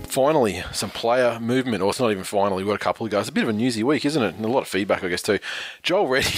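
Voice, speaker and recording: A man's voice: fairly low pitch, animated, fast, faint music behind. A man hosting a sports podcast, reading the news aloud and mocking it in sardonic, swearing banter. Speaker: podcast host.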